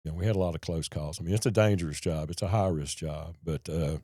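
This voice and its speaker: Low-voiced guy, middle-aged, folksy storyteller, dry close sound. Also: quick pace, no echo. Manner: folksy, animated storyteller acting out quoted people. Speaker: podcast guest telling his recovery story. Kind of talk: casual storytelling conversation.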